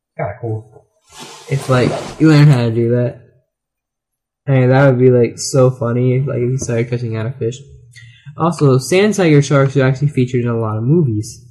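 A man's voice: medium pitch, normal speed, dark tone. A man hosting a kids' radio show, chatting loosely and rambling, with frequent "like"s. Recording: roomy echo.

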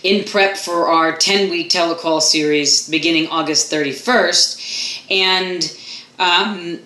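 Bright, enthusiastic woman radio host. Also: lowish voice, slow pace, reverberant, rough recording. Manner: enthusiastic, animated, chatty. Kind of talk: casual talk radio chat.

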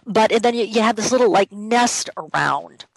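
A woman's voice: mid-range voice, expressive, normal speed, vocal fry, slightly rough, no echo, low-quality recording. A woman hosting a radio talk show from her office, speaking conversationally and repeating her key points for emphasis. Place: home office.

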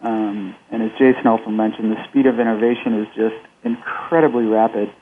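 A man's voice: fairly low pitch, fairly even intonation, a little fast. A man speaking as an upbeat guest on a panel discussion, with frequent fillers. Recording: tinny phone line with faint noise.

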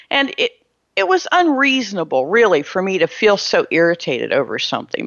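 A middle-aged woman telling a personal story in a monologue, animated and prone to restarting and repeating her words. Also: medium pitch, normal speed, no echo, dull audio. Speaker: spiritual storyteller.

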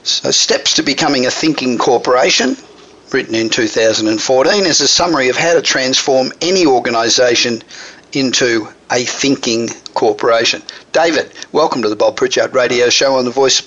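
A man's voice: mid-range voice, normal speed, a bit bright. A man with an Australian accent hosting a business radio talk show and introducing his guest in a conversational way. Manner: conversational, with fillers and restarts. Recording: dull lo-fi radio recording.

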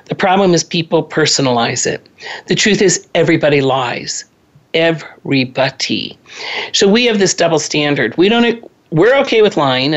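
A woman family counselor talking earnestly about parenting, clearing her throat now and then. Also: deep voice, highs cut off. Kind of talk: radio advice talk.

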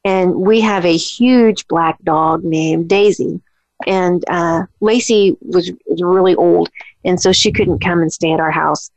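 A woman's voice: on the low side, measured pace, a little mellow, no room sound, rough recording. A woman chatting casually about family memories, with frequent restarts. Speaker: daughter of the family. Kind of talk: casual reminiscing.

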